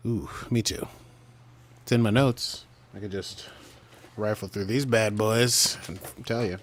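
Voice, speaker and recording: A man's voice: on the low side, steady tone, measured pace. A man co-hosting a podcast in casual chat, talking in a playful, rambling way with jokey asides. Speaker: podcast co-host.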